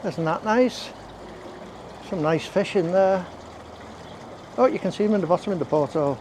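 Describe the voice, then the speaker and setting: Walking vlogger, man, slightly high voice, audible heavy breathing, outdoor noise under him. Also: normal speed, darkish tone. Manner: chatty, rambling, self-deprecating asides. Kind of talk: casual walk-and-talk narration. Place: outdoors on roads and country paths.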